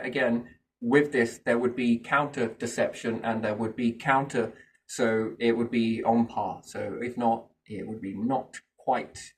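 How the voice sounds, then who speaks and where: A man musing in a casual chat, rambling from thought to thought and often asking rhetorical questions. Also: mid-range voice. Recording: voice a bit far from the mic.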